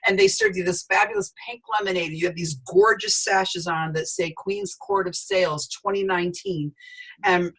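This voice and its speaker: A middle-aged woman giving an animated sales training talk, telling stories with voices for the people in them. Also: medium pitch, normal speed, creaky, breathy edge, low-quality recording. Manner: storytelling, lively quoted voices.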